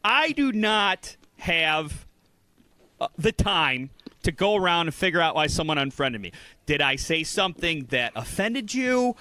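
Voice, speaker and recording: A man's voice: on the high side, big pitch swings, unhurried, bright, forceful tone, no room sound. A man co-hosting a casual comedy podcast, ranting in mock indignation during banter with his co-host. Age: adult.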